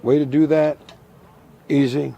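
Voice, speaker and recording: Middle-aged guy walking you through a craft demo, calm and methodical, dark mellow voice, repeats himself, dry humor. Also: a little high, a little slow, gravelly. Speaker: taxidermy instructor. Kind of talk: hands-on demonstration.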